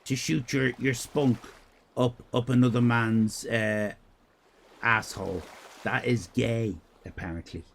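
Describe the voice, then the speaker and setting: A man's voice: mid-range voice, fairly even intonation, takes it slowly, gravelly, slight background noise. A man with an Irish accent chatting casually on a live stream while drawing. He talks in a crude, rambling, irreverent way and reads out comments from chat. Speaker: livestreamer.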